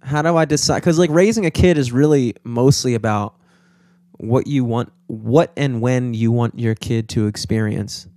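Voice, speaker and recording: A man's voice: medium pitch, moderate pace, mellow, no room sound, studio quality. A young man in casual chat, rambling and swearing, with lots of filler words.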